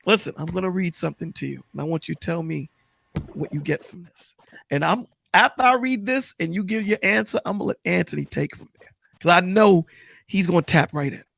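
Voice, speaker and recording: A man hosting a call-in talk show, reacting to callers and reading scripture in a measured way. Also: high voice, lively intonation, creaky, fairly bright tone, no room sound. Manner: measured, reads scripture slowly. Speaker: host.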